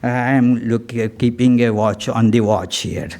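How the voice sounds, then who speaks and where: Man giving a slow reflective spiritual talk, lots of uh and you know, reads poetry. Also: mid-range voice, creaky, darkish tone. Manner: slow, halting, many fillers. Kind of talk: spiritual discourse.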